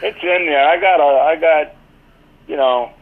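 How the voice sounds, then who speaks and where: A man's voice: fairly high pitch, unhurried. An older man, a guest in a casual interview, telling rambling anecdotes full of "you know". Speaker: interview guest, former team athletic trainer and author. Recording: tinny phone-line call.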